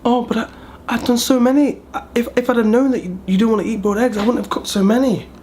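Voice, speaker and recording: Man putting on a high-pitched fussy older lady, insistent, stammering. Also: fairly even intonation, fast talker, a little mellow, slight background noise. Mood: flustered. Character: fussy older woman pressing food on family.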